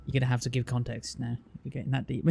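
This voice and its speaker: A British man on a stream chats casually with viewers, reading their comments and explaining things at length with frequent restarts. His medium-pitched voice is mellow and fast, fairly flat in pitch, with vocal fry. Faint music plays in the background.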